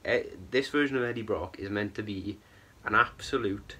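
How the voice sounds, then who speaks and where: A man's voice: on the low side, normal speed, bright, forceful tone, breathy edge. Young man ranting about a film. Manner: exasperated, rambling, keeps tagging "right?" and "bro". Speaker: film reviewer. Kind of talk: ranting film review vlog.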